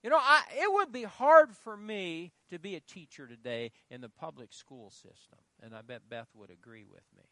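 High, lively-voiced preaching pastor. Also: male voice, normal speed, hardly any pauses, no room sound. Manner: emphatic preaching, prompting the congregation to fill in words. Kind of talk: sermon. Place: church.

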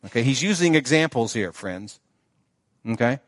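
A man's voice: mid-range voice, lively intonation, moderate pace, no room sound, studio quality. A male pastor preaching a sermon in a conversational way, often checking in with the congregation. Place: church sanctuary.

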